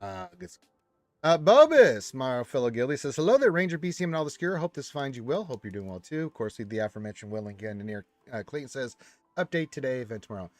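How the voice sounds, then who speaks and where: A man of average pitch hosts a casual live stream, reading out viewer comments and answering them in a loose, chatty way. His voice is picked up dry and close on a desk mic, with faint music underneath. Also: big pitch swings, fast, no room sound. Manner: reads viewer comments aloud and chats back. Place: room with a wall of action figures.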